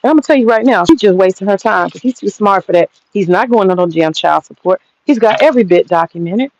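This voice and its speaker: An American woman hosts a livestream and rants bluntly, cussing freely as she reacts to the chat. Her pitch sits in an ordinary middle range for a woman. The stream audio is dull and lo-fi. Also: lively intonation, quick pace, darkish tone. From United States. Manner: blunt, profane ranting. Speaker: livestream host. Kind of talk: livestream commentary reading chat.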